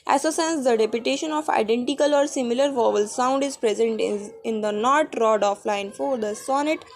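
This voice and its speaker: Woman, Indian English accent, slightly high voice, halting textbook read-aloud with stumbles. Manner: halting reading with restarts and stumbles. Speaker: student reader.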